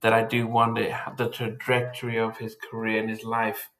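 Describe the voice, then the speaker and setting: A man co-hosting a casual film review chat, soft-spoken and reflective, often stammering through repeated words. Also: lowish voice, monotone, normal speed.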